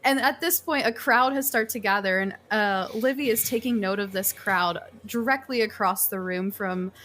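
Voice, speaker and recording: A woman narrating a tabletop game as game master, lively and quick to laugh. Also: mid-range voice, a little hiss or hum.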